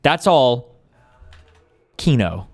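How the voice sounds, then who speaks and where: Sarcastic streamer man with a lively voice. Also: medium pitch. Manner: sarcastic, exasperated, quick rebuttals. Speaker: streamer reacting to clips. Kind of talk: live-stream reaction commentary.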